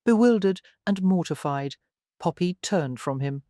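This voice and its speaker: A woman reading a historical romance audiobook in smooth, even scripted narration. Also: lowish voice, measured pace, no echo, studio quality.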